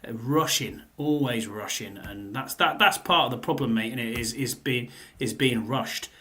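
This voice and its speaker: A man's voice: mid-range voice, normal speed, a crowd in the background. A man hosting a sports podcast in a laid-back, rambling way, with fillers and repeated phrases. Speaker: podcast host. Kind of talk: casual sports podcast chat.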